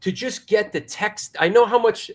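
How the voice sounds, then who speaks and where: A middle-aged man hosts the interview in a fairly high voice. He stops and restarts his sentences and repeats words as he reaches for the right phrase. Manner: halting, repeats words while finding phrasing. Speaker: host. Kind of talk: interview hosting.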